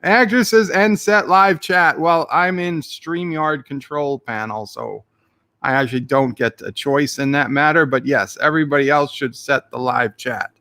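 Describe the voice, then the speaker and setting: A man's voice: fairly high pitch, moderate pace, bright, forceful tone. A man hosting a live stream, reading out chat messages in a joking, rambling way with a put-on Irish-Australian accent. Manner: jokey, rambling, playful silly voices. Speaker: livestream host reading chat.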